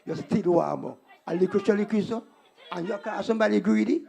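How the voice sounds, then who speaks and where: Man, gravelly creaky voice, high pitch, taunting rally speech. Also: fairly quick, darkish tone. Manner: taunting, scornful. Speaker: political rally speaker.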